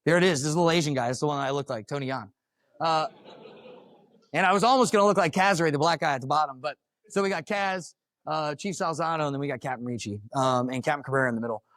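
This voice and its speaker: A man's voice: on the high side, fast talker, fairly bright tone, no room sound. A man from Florida, a firefighter, telling his own story to a live audience in a blunt, casual, profane way. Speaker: firefighter giving a talk. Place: conference room.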